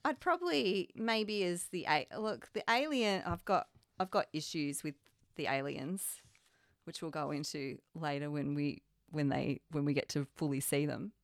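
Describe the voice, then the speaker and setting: A woman's voice: sits low, vocal fry, no echo, clean studio sound. A woman co-hosting a podcast, chatting casually about a film and laughing easily. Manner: laughs easily, quick asides. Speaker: podcast co-host. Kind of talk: casual movie discussion.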